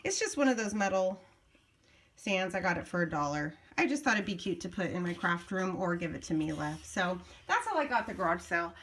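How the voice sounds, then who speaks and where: Showing off her finds at home, this woman rambles through a casual show-and-tell, chatty and prone to interrupting herself. She's slightly breathless, with a lowish, sing-song voice that's a little fast and somewhat bright, typical of a craft vlogger.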